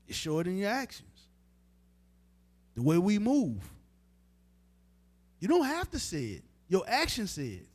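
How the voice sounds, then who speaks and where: High-voiced man preaching emphatically. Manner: informal, emphatic, talks straight to the crowd. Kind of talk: street-style sermon teaching.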